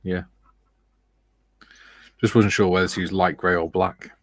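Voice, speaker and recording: A man's voice: sits low, steady tone, a little slow, no room sound. A man hosting a casual live model-building stream, reading out viewer comments and greeting them.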